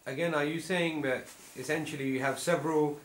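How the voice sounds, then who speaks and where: Male interviewer, mid pitch, rambling and rephrasing, echoey room with faint background noise. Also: fairly even intonation, a little fast. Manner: thinks aloud, rephrasing his question as he goes. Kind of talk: conversational interview.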